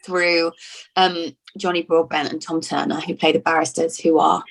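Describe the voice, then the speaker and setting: A woman's voice: deep voice, flat delivery, normal speed, vocal fry. A woman from Lincoln in England, an actress talking in a casual interview, chatty and full of restarts and repeated words. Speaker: actor being interviewed.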